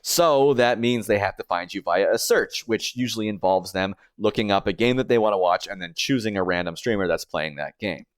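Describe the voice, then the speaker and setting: A man's voice: on the low side, brisk, hardly any pauses, clear, resonant tone, no room sound. Man narrating a dry video essay. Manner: explanatory, step-by-step. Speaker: streamer and YouTuber.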